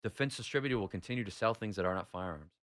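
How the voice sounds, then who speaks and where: Combative man with a low bright voice. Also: fast talker, no echo, clean studio sound. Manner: combative, mocking, lecturing. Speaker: radio show regular guest. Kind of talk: heated talk radio argument.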